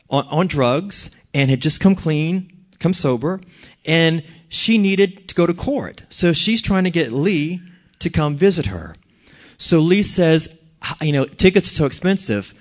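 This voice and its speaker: Animated man preaching a sermon. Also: a little high. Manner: animated and storytelling, asks the congregation questions. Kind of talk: conversational sermon.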